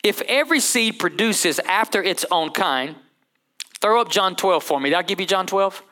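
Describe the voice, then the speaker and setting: A male pastor preaching a sermon in an animated, conversational way, calling out to the congregation. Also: sits high, normal speed. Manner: animated, conversational, calls to the crowd.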